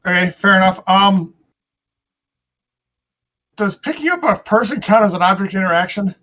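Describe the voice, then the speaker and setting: Male player, notably high pitch; inquisitive, checks rules often. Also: lively intonation, normal speed, sharp tone. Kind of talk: tabletop game play.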